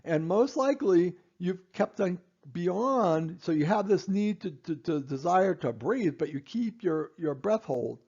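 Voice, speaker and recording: Man, clinician-teacher, gravelly, mellow tone, dull lo-fi recording, stresses points over and over. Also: high-pitched, expressive, a little slow, few pauses. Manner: repeats and stresses key points, with fillers and restarts. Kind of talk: instructional explanation.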